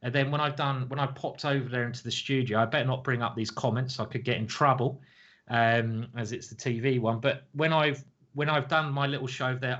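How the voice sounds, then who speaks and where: A man's voice: mid-range voice, a bit bright, dull audio. A man in his forties chatting casually to his live-stream viewers as a chess commentator, rambling and jokey, often chuckling at his own stories. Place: home streaming setup.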